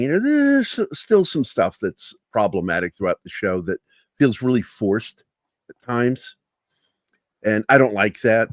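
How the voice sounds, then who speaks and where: A man's voice: mid-range voice, no room sound, clean studio sound. A man talking as a guest in a casual chat. He rambles, laughs often and swears freely.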